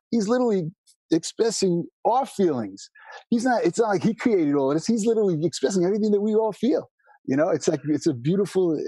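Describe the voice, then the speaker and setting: A man from New York, a musician guest in a casual interview, telling stories quickly with lots of restarts. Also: sits high, husky, dry recording. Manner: fast, animated storyteller with many restarts.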